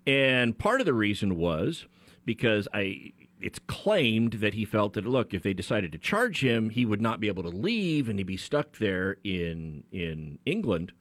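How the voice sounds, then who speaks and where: A man's voice: lowish voice, very animated, unhurried, fairly bright tone, dry recording. A man co-hosting a radio talk show as an attorney, explaining a legal case in a conversational way with frequent restarts. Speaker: attorney co-host.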